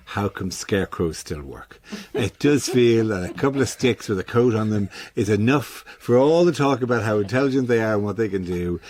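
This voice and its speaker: A man's voice: fairly low pitch, darkish tone, no room sound. Wry man hosting a radio science chat. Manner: wry, joking. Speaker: host. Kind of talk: studio chat.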